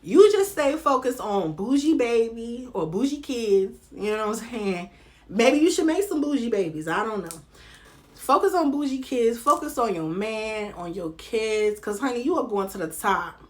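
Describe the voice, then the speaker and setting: A young woman with a Southern American accent, giving casual vlog commentary on reality TV in a lively, slangy way and talking straight to the viewer. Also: on the high side, measured pace.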